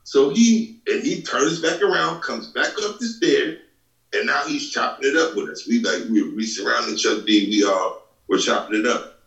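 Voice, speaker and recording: A man in casual podcast chat, telling a quick story and acting out the voices of the people in it. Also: mid-range voice, vocal fry, highs cut off. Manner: animated storyteller, acts out voices. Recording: roomy, distant mic.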